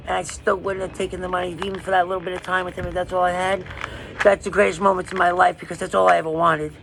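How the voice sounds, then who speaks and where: Man, high voice, gravelly, distressed rambling monologue, crude language. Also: little pitch movement, fast talker, background noise. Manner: profane. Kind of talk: raw personal monologue.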